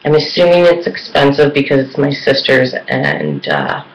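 A woman's voice: rumbling low, very animated, normal speed, muffled recording. A woman chatting casually in a beauty vlog, rambling with lots of fillers. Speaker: beauty vlogger. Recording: echoey room.

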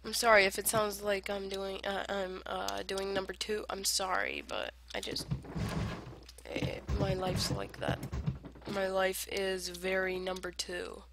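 A woman giving casual gameplay commentary, rambling in silly self-talk and arguing with herself, swinging between whispered asides and loud outbursts. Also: mid-range voice, a little slow. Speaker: gamer playing online survival matches. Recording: noisy home recording with clicks.

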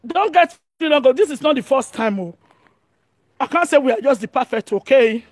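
Nigerian woman, online commentator, high-pitched, excitable, shouty, dry close sound. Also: normal speed, dry recording. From Edo, Nigeria. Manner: excitable, often shouting and laughing. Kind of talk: animated monologue.

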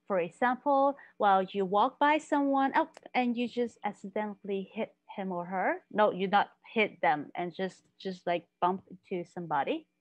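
A woman teaching a language lesson, explaining patiently and repeating phrases slowly. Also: mid-range voice, no echo, dull audio. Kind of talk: slow, careful language lesson.

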